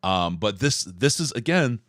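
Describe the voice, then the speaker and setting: A man's voice: lowish voice, very animated, a little slow, a bit bright, dry recording, studio quality. A man hosting a sports podcast, chatting casually and rambling through his points. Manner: conversational, rambling with restarts. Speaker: podcast host.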